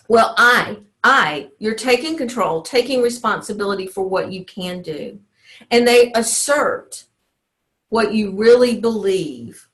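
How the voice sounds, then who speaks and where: A woman teaching a motivational teleclass as a life coach, in an earnest, encouraging way. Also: medium pitch. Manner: earnest, encouraging, often acts out inner self-talk.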